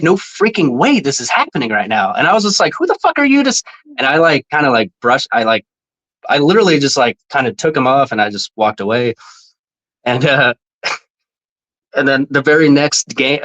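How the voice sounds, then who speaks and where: This man, once a team mascot, is a podcast guest spinning a story casually and with plenty of energy. Profanity comes easily, laughter is frequent, and quoting people sends his voice jumping higher. The audio quality is rough.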